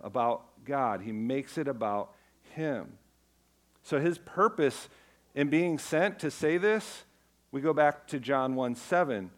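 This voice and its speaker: Man, pastor, emphatic sermon, repeats phrases, mid-pitched voice. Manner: emphatic preaching, repeats key phrases, drops low for quotes.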